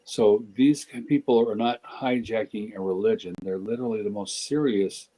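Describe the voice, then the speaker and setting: A middle-aged podcast guest talks at a moderate pace with a lowish, dark voice and fairly even intonation, heard on a rough recording. In the casual discussion he's blunt and joking, often stopping mid-sentence to begin again.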